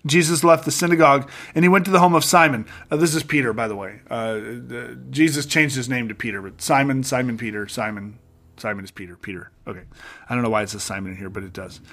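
A man's voice: mid-range voice, quick pace. A man giving a casual, enthusiastic bible teaching, retelling stories with jokes and asides. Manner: animated, enthusiastic, jokey asides.

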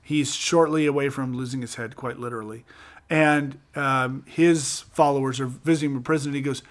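A man hosting a casual Bible discussion, telling the stories with animated enthusiasm and quick asides. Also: medium pitch. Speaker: podcast host.

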